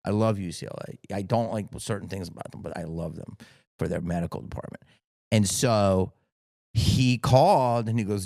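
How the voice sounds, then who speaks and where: A man's voice: lowish voice, normal speed, vocal fry, no room sound. A middle-aged man sits as a podcast guest, spinning stories with swearing and big swings of energy. His voice sounds close and dry, with no room around it. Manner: profane, animated storyteller. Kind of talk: casual storytelling interview.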